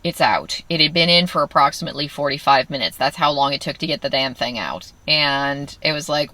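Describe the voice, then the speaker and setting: A woman's voice: deep voice, a little fast, hardly any pauses, pushed and bright, no room sound. A woman telling a candid personal story in a wry way, acting out what others said. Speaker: vlogger.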